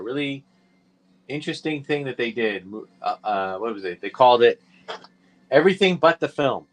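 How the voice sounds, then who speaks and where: A man hosting a live toy auction with easygoing, chatty patter. He talks straight to the viewers, slips in quick asides and fixes his own slips as he goes. His voice sits at a middle pitch for a man.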